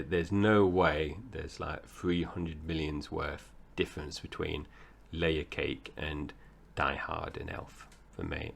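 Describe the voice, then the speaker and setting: With a very deep voice and noticeable vocal fry, a forties-aged Essex man co-hosts a laid-back film podcast. His accent carries a Cockney tinge, and he chats in a rambling way, breaking into frequent laughter.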